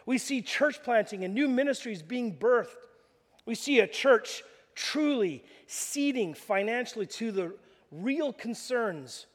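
A man preaching a sermon to a congregation in a church hall, telling lively stories and acting out the voices of the people in them. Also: sits high. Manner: animated storytelling, acts out voices. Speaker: pastor. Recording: long reverb of a large hall.

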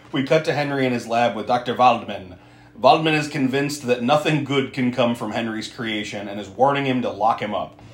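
A man's voice: medium pitch, moderate pace, echoey room. A man recapping an old film in casual talk, laughing often, swearing, and acting out the characters. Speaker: podcast host.

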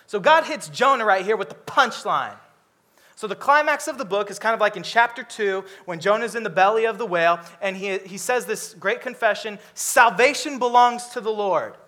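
A man preaching a sermon, lively and humorous, acting out characters with comic voices. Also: sits high, brisk.

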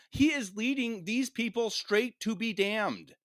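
A man's voice: sits high, unhurried, a bit bright, no room sound. A man co-hosting a casual discussion podcast, speaking in a heated, exasperated way. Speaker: podcast co-host.

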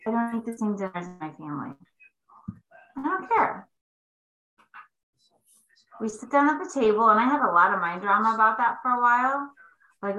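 A woman hosting a faith-based coaching talk, expressive and emphatic, dropping now and then into hushed asides. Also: fairly high pitch, reverberant, poor audio.

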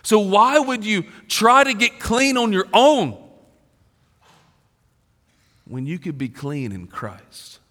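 Man in his forties, pastor, conversational sermon with loud peaks and hushed dips, slightly high, ringing tone. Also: big pitch swings, slow pace, pauses often. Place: large church auditorium. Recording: long reverb of a large hall.

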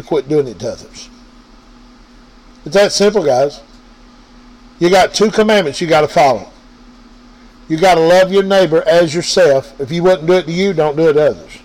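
A man delivers an informal sermon over a radio or podcast mic. His voice sits a little high, and he keeps turning to his listeners, driving each point home by repeating it. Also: moderate pace, long pauses, a little mellow, poor audio. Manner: preachy, repetitive, addresses listeners directly. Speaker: preacher. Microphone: online radio or podcast mic.

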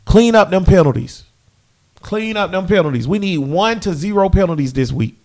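A high-voiced young man breaks down his team's offense in a casual fan rant. He keeps circling back to the same phrases and talks directly to the people watching. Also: normal speed. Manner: animated, repeats phrases, talks straight to viewers. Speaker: sports fan commentator.

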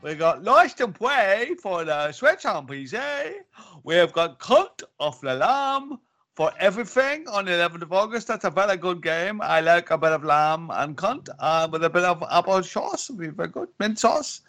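A man putting on a soft-voiced woman presenter. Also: high voice, animated. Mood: mock-announcing. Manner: halting, jokey announcer delivery. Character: soft-spoken woman presenter reading release dates.

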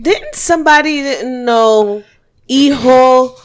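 Female co-host, casual and teasing, slightly high voice. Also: slow. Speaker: podcast co-host. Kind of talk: casual podcast chat.

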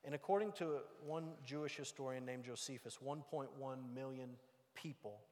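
A man preaching a sermon, moving from loud emphatic points to hushed, quiet passages. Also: medium pitch, moderate pace, big-room sound. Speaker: pastor.

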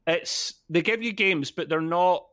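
A man's voice: high-pitched, measured pace, fairly bright tone. A Scottish man co-hosting a casual gaming podcast, talking loosely with frequent restarts. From Scotland. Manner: chatty, restarts a lot. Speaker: podcast co-host.

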